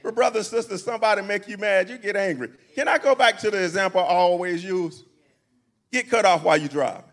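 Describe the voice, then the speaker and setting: A man's voice: high voice, a little fast, vocal fry, a bit bright. A pastor preaching a sermon in a church, talking to his congregation in a folksy, conversational way, asking them questions and repeating phrases. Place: church sanctuary.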